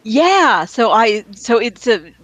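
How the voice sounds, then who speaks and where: Rambling, excited arcade hobby co-host. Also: medium pitch, slow, dry recording, rough recording. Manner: rambling, enthusiastic, many restarts and fillers. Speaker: podcast co-host. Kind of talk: casual chat about arcade machine repairs.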